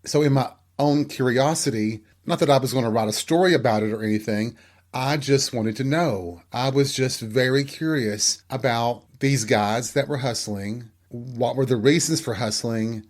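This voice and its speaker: Middle-aged male host, frank and candid, telling personal stories casually at an average pitch. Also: normal speed. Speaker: podcast host.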